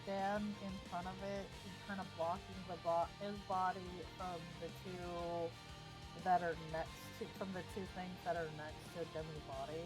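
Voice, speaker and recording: A woman playing a tabletop game, speaking in a hesitant, relaxed way. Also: fairly low pitch, normal speed, over music, rough recording. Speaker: player.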